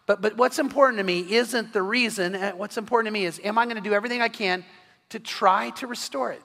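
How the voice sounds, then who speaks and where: High bright-voiced preacher, reverberant hall. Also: male voice, fast, gravelly. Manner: earnest storytelling preacher with frequent restarts. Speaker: pastor. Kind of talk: sermon. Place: church sanctuary. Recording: long reverb of a church hall.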